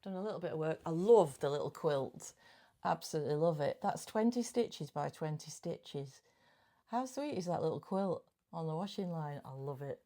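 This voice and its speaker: A woman's voice: deep voice, expressive, normal speed, dark tone. A middle-aged woman chatting casually about her cross-stitch projects, giggly and often correcting her own words. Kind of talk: casual chat.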